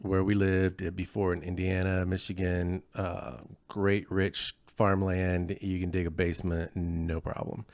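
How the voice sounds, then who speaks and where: A man co-hosting a podcast in casual chat, relaxed and explanatory, sometimes self-deprecating. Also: low voice, unhurried, hardly any pauses, no echo. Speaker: podcast co-host.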